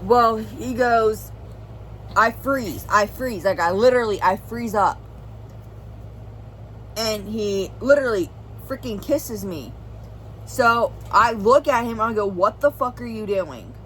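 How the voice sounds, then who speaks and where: A woman's voice: a little high, slow pace, pauses often, a bit bright, a little hiss or hum, low-quality recording. A young woman vlogger telling a serious personal story in an earnest, rambling way, full of "like" and "well". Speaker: family vlogger.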